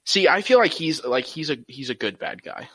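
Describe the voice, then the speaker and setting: A man's voice: a little high, expressive, moderate pace, pushed and bright, a little hiss or hum. A man in casual podcast chat, easygoing, often restarting his sentences. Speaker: podcast co-host.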